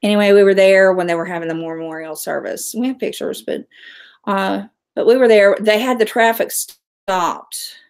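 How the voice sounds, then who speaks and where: A woman's voice: medium pitch, normal speed, clear, resonant tone. A middle-aged woman, hosting a casual livestream, chatting and answering viewer comments. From West Virginia, USA. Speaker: livestream host.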